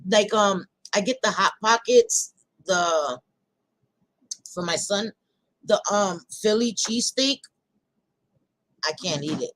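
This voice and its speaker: A woman's voice: mid-range voice, lively intonation, slow, pauses often, fairly bright tone, no echo, low-quality recording. Blunt, chatty woman on a live chat. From New York. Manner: chatty, blunt, laughs often, swears casually. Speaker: livestream host chatting with viewers. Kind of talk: casual live chat reading comments.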